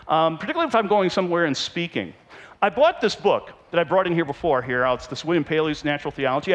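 Man, storytelling talk, playful with the audience, slightly high pitch, very lively intonation. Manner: animated, playful, teasing the audience. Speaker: speaker.

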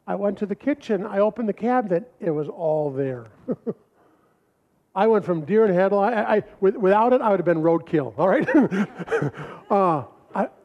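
A middle-aged man telling animated personal stories to an audience, acting out quoted voices and laughing often. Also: sits high. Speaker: speaker presenting his family records manual. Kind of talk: storytelling talk to an audience. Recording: dull lo-fi recording.

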